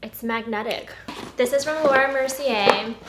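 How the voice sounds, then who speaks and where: A young woman in her twenties chatting casually while unboxing beauty products, gushing and giggling as she goes. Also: fairly high pitch. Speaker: beauty vlogger. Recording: echoey room with noticeable noise.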